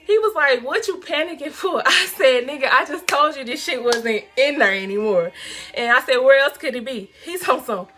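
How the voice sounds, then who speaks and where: Young woman vlogging a crazy story, laughing and cursing a lot, high voice. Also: moderate pace. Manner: animated, profane, laughing often. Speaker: vlog host telling a story. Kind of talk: casual storytelling to viewers.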